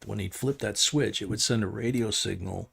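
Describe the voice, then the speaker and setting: An older man with a heavily gravelly, husky voice sits at his stream and spins a loose, rambling tale. He chuckles as he goes and keeps restarting his sentences. His pitch sits a bit low. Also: moderate pace. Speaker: host. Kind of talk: casual storytelling on a live stream.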